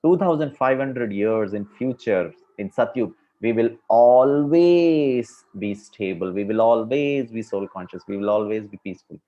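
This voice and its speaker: A man's voice: on the low side, moderate pace, few pauses. A man giving a conversational spiritual discourse to a class, using many fillers. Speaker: spiritual speaker. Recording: dull lo-fi recording.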